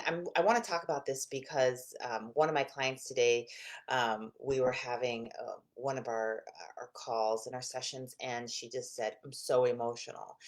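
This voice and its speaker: A middle-aged woman with a low voice talks casually to camera as a therapist and coach. She rambles a little, restarting sentences and dropping in fillers as she goes.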